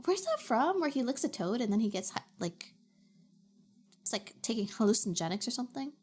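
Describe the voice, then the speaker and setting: A woman's voice: a little high, very animated, brisk, darkish tone, slightly rough. A young adult woman streamer from Canada, chatting playfully and reacting to her chat. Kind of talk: casual chat.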